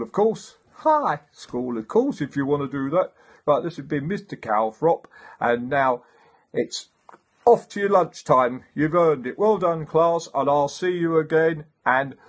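A man's voice: a little high, pitched above the performer's own voice. A man doing a flustered schoolteacher. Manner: bossy, fussing, slow deliberate delivery with sudden shouts. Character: fussy, exasperated male schoolteacher running an exam. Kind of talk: comedy sketch.

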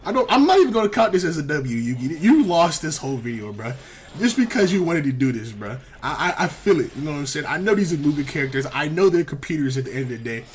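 Animated young man commentating a game. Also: fairly high pitch, fast talker, slight background noise. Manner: animated, exasperated, heavy slang, frequent repeats. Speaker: gaming commentator. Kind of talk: casual gameplay commentary.

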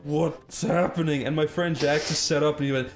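A man's voice: fairly high pitch, steady tone, quick pace, faint music behind. A young Irish man with an Irish accent, telling a rambling story and laughing through it as he co-hosts a game stream. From Ireland. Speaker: co-host. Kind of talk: casual storytelling over gameplay.

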